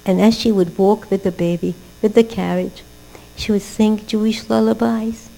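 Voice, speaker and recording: Speaking at a normal, steady pace, this older religious teacher has a warm voice touched with vocal fry. Her Torah lesson unfolds like a sermon: rhetorical questions, a story from her family, then forceful calls to action. A low mains hum runs through the poor-quality audio.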